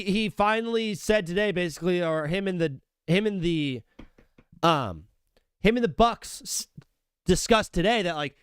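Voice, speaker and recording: Animated young man hosting sports talk. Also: fairly high pitch, clear, resonant tone, dry recording, studio quality. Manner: animated, casual, calls people brother and dude. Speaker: sports talk show host. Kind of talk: live sports talk stream.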